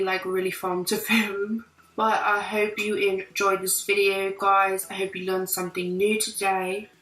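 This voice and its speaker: A woman's voice: mid-range voice, a bit bright. A young woman speaking in a put-on British accent, chatting through each step of a makeup tutorial. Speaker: beauty vlogger. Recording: roomy, a bit far from mic, faint music.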